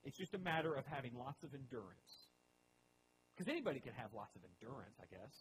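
A man preaching a sermon as pastor, with animated emphasis that rises and drops. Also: mid-range voice, fairly quick, slight background noise, poor audio.

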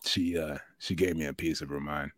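A man's voice: extremely low pitch, fairly even intonation, a little fast, fairly bright tone, dry recording, clean studio sound. A man in casual chat, joking and teasing his friend.

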